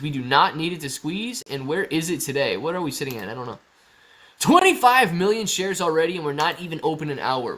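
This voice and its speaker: A man's voice: medium pitch, a bit bright. A man hosting a casual livestream, chatting and answering viewer comments in a loose, rambling way. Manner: chatty, restarts sentences, calls viewers guys and bro. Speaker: livestream host.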